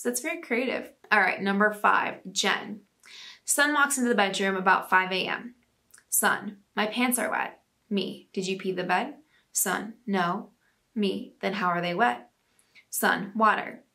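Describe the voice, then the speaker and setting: A woman's voice: medium pitch, gravelly, bright, forceful tone. A woman hosting a parenting podcast, reading listener stories aloud in a chatty, laughing way. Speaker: podcast host.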